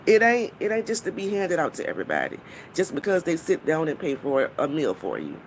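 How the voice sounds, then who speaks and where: A blunt, foul-mouthed woman ranting on her live stream, her pitch swinging widely as she mocks and scolds. She breaks off now and then to greet viewers in the chat, then goes straight back to her point. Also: wildly swooping pitch, fairly quick, slight background noise. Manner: blunt, profane and mocking.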